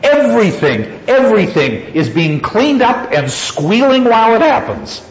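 A man's voice: high-pitched, wildly swooping pitch, a little slow. A man lecturing on a story he reads aloud, chuckling often and repeating phrases for emphasis, in an echoey, dull-sounding hall recording.

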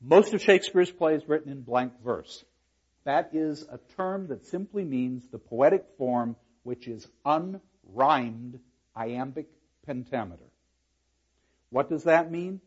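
A man's voice: medium pitch, slow pace, breathy edge, dull audio. A man giving a university lecture on a play, explaining verse and reading lines aloud with dramatic emphasis. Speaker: literature lecturer.

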